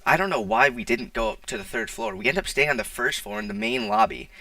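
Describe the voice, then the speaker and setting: A man's voice: high voice, very animated, quick pace, gravelly, bright, forceful tone, no echo. A teenage boy telling a casual storytime, rambling with lots of "like" and restarts, recorded on a poor mic. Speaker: vlogger. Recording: distant, dry, poor-quality mic.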